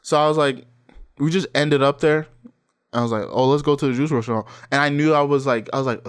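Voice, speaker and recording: A man's voice: medium pitch, steady tone, fairly quick. A man in his twenties chatting casually, telling stories in a laid-back way, swearing freely and laughing often. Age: 20s. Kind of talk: casual chat.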